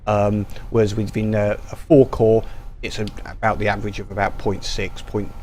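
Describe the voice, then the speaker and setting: A man's voice: lowish voice, little pitch movement, moderate pace, a little mellow, slight background noise. Rambling man doing gameplay commentary. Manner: rambling, many ums and restarts. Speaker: gaming YouTuber.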